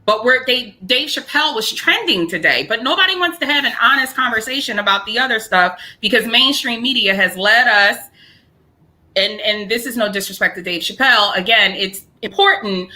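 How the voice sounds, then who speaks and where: Bright, earnest woman making her case. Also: a little high, lively intonation, normal speed, rough recording. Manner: earnest, argumentative, building her point. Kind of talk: livestream panel discussion.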